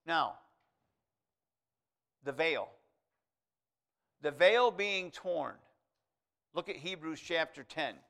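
A man's voice: on the high side, drawn-out words, pauses often. Man preaching with rising fervor. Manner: swings from quiet aside to loud emphatic proclamation; reads scripture aloud in King James wording. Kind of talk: sermon.

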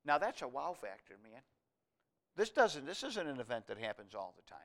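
A man preaching a sermon, reading scripture aloud and explaining it verse by verse, rising to loud emphatic passages. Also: mid-range voice, very animated, normal speed. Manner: expository Bible teaching, reads scripture aloud, swells loud on key lines.

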